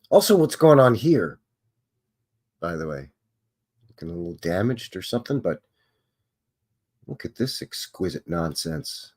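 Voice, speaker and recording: Animated, chatty male stream host. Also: fairly low pitch, a little slow, long pauses. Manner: musing, chatty, thinking aloud. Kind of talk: casual live commentary on old photographs.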